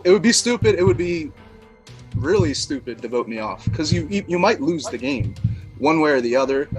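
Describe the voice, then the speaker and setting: Man, party game player, joking, mock-dramatic, fairly high voice, faint music. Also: poor audio. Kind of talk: casual game banter and pleading.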